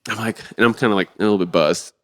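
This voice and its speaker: Middle-aged male guest, low voice, lively rambling storyteller, casual and profane. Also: rapid-fire. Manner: rambling, animated, swears freely. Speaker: podcast guest, drummer.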